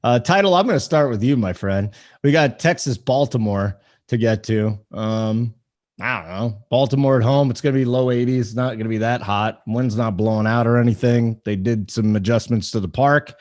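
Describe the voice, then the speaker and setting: A man's voice: mid-range voice, normal speed, a little mellow. A man hosting a casual sports podcast, laid-back and teasing as he runs the segments. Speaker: host.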